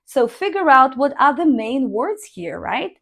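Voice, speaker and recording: Woman, teacher, slow deliberate delivery, fairly high voice. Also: very animated, vocal fry, a bit bright. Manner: slow, deliberate, models intonation by reading sentences aloud. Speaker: English speaking teacher. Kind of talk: online language lesson.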